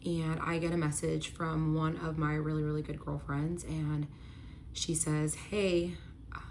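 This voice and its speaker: A woman's voice: low-pitched, slight background noise. A young woman casually telling a personal story, acting out both sides of the argument and filling her speech with "like". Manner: animated retelling with many "like" fillers, quoting both sides of arguments. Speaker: storyteller recounting her relationship.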